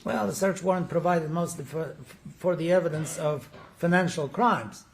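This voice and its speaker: Man, slightly high voice, defense lawyer grilling a witness in court with pointed, leading questions. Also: moderate pace, creaky. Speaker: defense attorney. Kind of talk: courtroom cross-examination.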